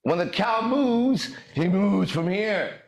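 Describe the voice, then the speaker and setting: Brash male podcast host, profane and swaggering, animated delivery in an echoey room. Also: high voice, slow pace. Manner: swaggering, profane, bursts into shouted lyrics. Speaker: podcast host and dating coach. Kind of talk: motivational monologue.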